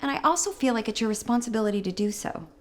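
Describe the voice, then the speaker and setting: A woman's voice: fairly high pitch, expressive, fast talker, slight background noise, lightly acted. An actress playing a frustrated, sarcastic mother in a film drama. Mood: arguing. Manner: defensive, clipped and sarcastic. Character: frustrated middle-aged mother named Erin. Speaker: actor. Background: film score music.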